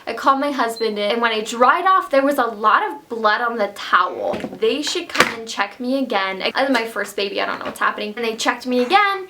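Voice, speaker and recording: A woman's voice: on the high side, lively intonation, brisk, hardly any pauses, background noise. A young woman casually telling a personal story at home, chatty with many fillers. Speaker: vlogger. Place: home room.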